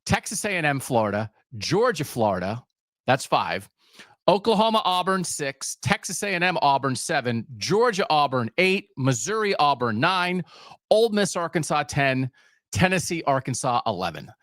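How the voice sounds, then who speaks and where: Male podcast host, sarcastic ranter, animated and a bit high, close dry sound. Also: normal speed, no room sound. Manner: sarcastic, emphatic, ranting. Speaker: sports talk podcast host. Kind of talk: solo sports rant.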